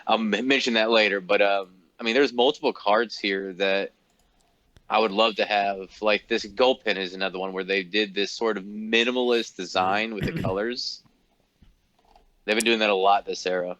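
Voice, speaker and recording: Low-voiced man on a dull, lo-fi mic. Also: fairly even intonation, moderate pace, a bit bright, no room sound. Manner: chatty, offers opinions and market prices. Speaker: podcast co-host. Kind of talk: casual chat about collectible cards. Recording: slightly dull, lo-fi sound.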